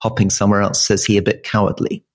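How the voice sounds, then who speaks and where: A man's voice: fairly low pitch, level tone, fast talker. A middle-aged man co-hosting a podcast, talking in a wry, self-deprecating way with frequent restarts. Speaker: podcast co-host. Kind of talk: casual podcast chat.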